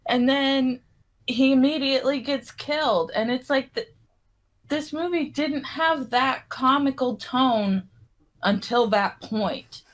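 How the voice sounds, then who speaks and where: A woman's voice: high-pitched, slow pace. A woman co-hosting a casual podcast, rambling through a film plot and acting out the characters' quotes. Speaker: podcast co-host. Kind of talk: casual chat.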